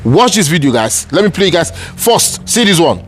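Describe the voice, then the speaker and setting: A man's voice: a little high, big pitch swings, normal speed, loud music behind the voice. A man with a Nigerian accent giving heated, angry political commentary, ranting and repeating himself. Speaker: online news commentator.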